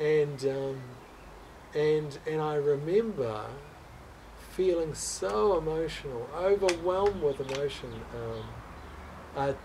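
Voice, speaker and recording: Halting, earnest man telling a story. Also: a little high, warm tone, recorded from a distance, slight background noise, rough recording. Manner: halting, repeats words and restarts often; earnest, openly emotional. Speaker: guest. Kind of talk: personal storytelling in conversation.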